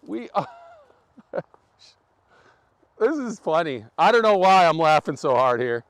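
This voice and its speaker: A man's voice: a little high, very animated, moderate pace, no room sound. A man hosting a casual live vlog outdoors in freezing weather, chatting and laughing with his viewers. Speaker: livestream host. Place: outdoors in freezing wind and snow. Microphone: camera on a tripod.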